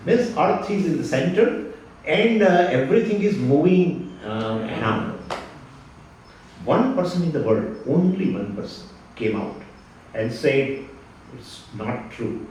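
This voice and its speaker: A man giving a spiritual lecture, lively and fond of rhetorical questions and repeated phrases. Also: on the high side, unhurried, distant mic. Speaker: Vedanta teacher. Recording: echoey hall, speaker away from the mic, faint noise.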